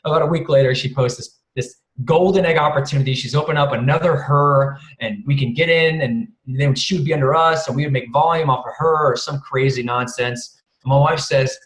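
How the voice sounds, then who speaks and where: A man guest speaker telling a casual story over a video call, rambling, chuckling often and swearing casually. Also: mid-range voice. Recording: roomy video call audio.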